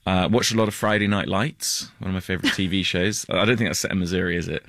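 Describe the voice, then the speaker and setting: Deep-voiced male actor, halting, laughs easily, dry close sound. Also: steady tone, a bit bright, dry recording. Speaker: actor guest. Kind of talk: casual interview talk.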